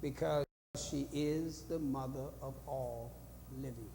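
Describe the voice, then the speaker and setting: A man's voice: medium pitch, steady tone, slow pace, warm tone, big-room sound, a little hiss or hum. A male pastor teaching a Bible study in a church, repeating phrases and asking the room questions in a preaching cadence. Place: church hall.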